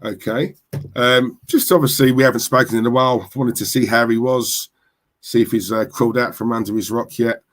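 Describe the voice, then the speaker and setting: Brief: London-accented male streamer, casual and chatty, middle-pitched voice, slangy shout-outs to the chat. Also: fairly even intonation, fairly quick. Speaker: football livestream host.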